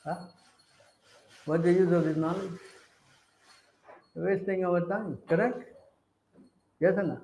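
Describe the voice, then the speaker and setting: A man's voice: sits high, fairly even intonation, slow pace, creaky, long pauses, warm tone, echoey room, poor audio. A man preaching a sermon, emphatic, keeps asking his listeners questions. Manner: questions the audience again and again.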